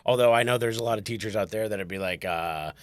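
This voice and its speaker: A man's voice: lowish voice, fast talker, no echo. A man hosting a casual podcast chat as a comedian, telling family stories and acting out the people in them. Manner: chatty storyteller, acts out family members in quotes. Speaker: comedian host.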